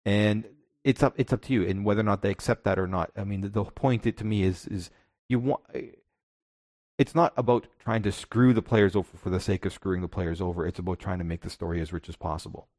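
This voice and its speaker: Low-voiced man chatting casually. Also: steady tone, fast, darkish tone, no echo, clean studio sound. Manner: rambling, restarts often, reflective. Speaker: podcast co-host. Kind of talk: casual chat about tabletop gaming.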